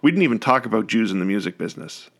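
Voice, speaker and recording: Friendly male interviewer, relaxed chat. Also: fairly low pitch, racing. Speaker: interviewer, podcast host.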